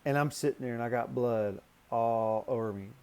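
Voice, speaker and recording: A man with a smooth voice at a moderate pace recounts a canoe trip, casual and animated. He swears freely, and his pitch jumps up whenever he gets worked up.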